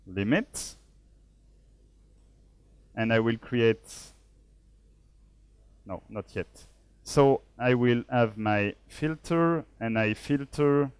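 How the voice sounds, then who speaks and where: A man from Switzerland talks slowly through a live coding demo at a conference. He thinks aloud as he types and pokes fun at himself. The sound is close and dry, with almost no room echo. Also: medium pitch. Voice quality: measured, self-deprecating. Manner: thinks aloud while typing code. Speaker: conference speaker. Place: conference hall.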